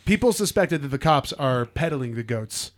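A man's voice: medium pitch, animated, normal speed. A man hosting a casual comedy podcast, reading out a news story with jokes and laughter. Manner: playful, laughing, reads quotes in a put-on accent.

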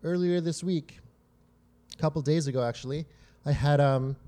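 A man preaching in a loose, conversational way, his voice a little higher than most men's. His tone is mellow and soft-edged. He keeps turning to the congregation with quick "right?" and "you know?" questions as he tells stories from home. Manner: frequent "right?" and "you know?" check-ins with listeners; tells personal family stories to make points. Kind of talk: conversational sermon.

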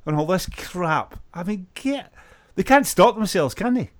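A man hosts a casual football podcast with a somewhat high voice, lively and joking, dropping local slang as he goes. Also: measured pace. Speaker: podcast host.

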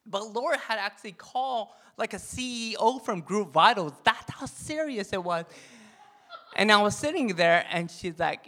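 A pastor, a man, giving an animated, jokey sermon and leading the crowd in call-and-response chants. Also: sits high, normal speed. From Korean heritage. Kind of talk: sermon talk.

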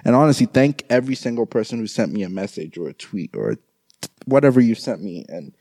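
Subdued grieving young man, low voice. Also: sing-song, no room sound. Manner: halting, repeats words, speaks quietly. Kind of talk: grieving personal monologue.

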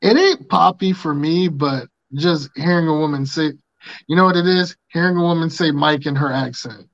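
A man's voice: a little high, moderate pace, no echo. A man hosting a podcast in casual, rambling banter, laid-back and swearing freely, on dull lo-fi audio. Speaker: podcast host.

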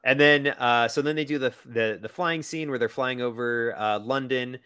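A podcast co-host chats casually about a movie, full of fillers and playful asides, and quotes characters in a silly voice. His mid-range voice moves at a normal speed and sounds sharp, clear and resonant on a dry recording.

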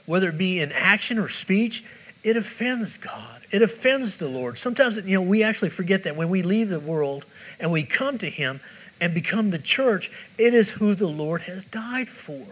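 A man's voice: high voice, expressive, normal speed, fairly bright tone, poor audio. A male pastor preaching a sermon with emphatic, repetitive phrasing and direct questions to the congregation.

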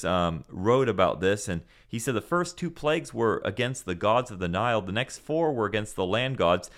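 A man teaching a Bible passage on a podcast in an earnest, preaching manner, asking rhetorical questions and answering them. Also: fairly low pitch.

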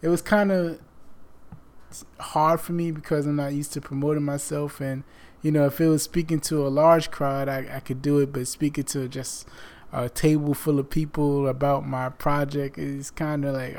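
A man's voice: on the high side, flat delivery, moderate pace, a little mellow. A man hosting a podcast in casual chat, rambling with many fillers and restarts, and losing his voice. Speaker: podcast host.

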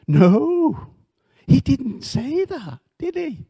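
Guy preaching in church, high voice, slow and drawn out, keeps asking the crowd questions. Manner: animated, asks the congregation questions, joking asides. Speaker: missionary preacher. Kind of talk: sermon.

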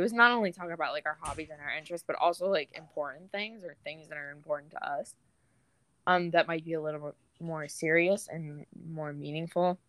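A woman's voice: low voice, a bit bright, no room sound. A woman hosting a podcast, chatting in a laid-back, rambling way. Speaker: podcast host. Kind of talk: casual podcast chat.

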